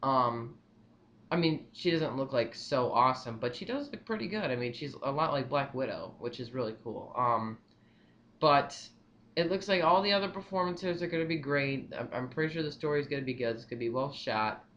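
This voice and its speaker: A young man giving his movie opinions in a casual vlog, rambling and excitable, repeating himself often. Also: mid-range voice, moderate pace, highs cut off. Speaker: vlogger.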